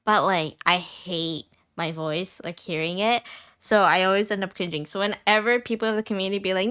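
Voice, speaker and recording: A young woman streamer chatting casually with her viewers. She has a high-pitched voice that turns squeaky at times, rambles, and repeats herself with plenty of fillers. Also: steady tone, brisk, bright, forceful tone, clear, resonant tone.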